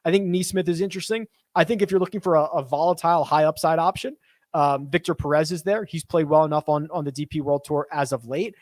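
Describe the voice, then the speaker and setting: A man's voice: a little high, dry recording, studio quality. A man hosting a casual live-stream chat, thinking aloud and answering viewer questions. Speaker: host.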